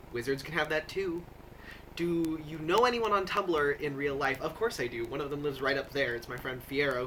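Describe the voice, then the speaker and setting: Hesitant young man, bright voice. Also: fairly high pitch, slight background noise, poor audio. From American Midwest. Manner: hesitant, filler-heavy, wry asides. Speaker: vlogger. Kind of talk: casual chat reading a word list aloud.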